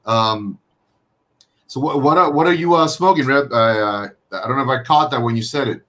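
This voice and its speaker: A man's voice: mid-range voice, moderate pace, a bit bright. A man hosting a casual live video-call chat, rambling with frequent fillers and restarts. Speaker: host.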